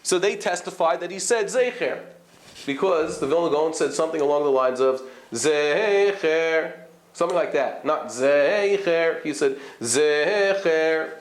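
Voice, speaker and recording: A man's voice: a little high, fairly quick. A man, a rabbi giving a live class, explaining and demonstrating vowel sounds while checking in with his students. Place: study hall classroom. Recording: echoey room.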